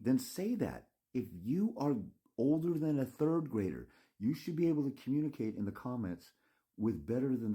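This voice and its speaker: Scolding, profane man with a mellow low voice. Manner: rambling with restarts and mocking asides. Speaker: father's rights consultant. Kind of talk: ranting monologue to viewers.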